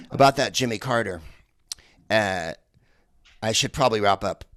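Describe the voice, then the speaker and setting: A man's voice: on the low side, slow, a bit bright, no room sound, studio quality. A man doing a stand-up comedy set, rambling with lots of hesitant fillers.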